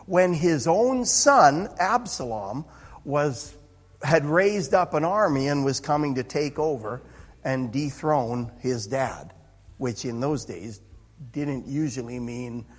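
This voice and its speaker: A man with a mid-range voice preaches a sermon as pastor, animated but slow-paced. He speaks conversationally, interrupting himself with chuckling asides, in a reverberant hall.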